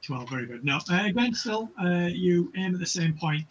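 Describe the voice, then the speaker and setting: A man acting as game master, narrating a tabletop game in a relaxed way with many fillers. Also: sits high, moderate pace. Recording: dull lo-fi with faint noise.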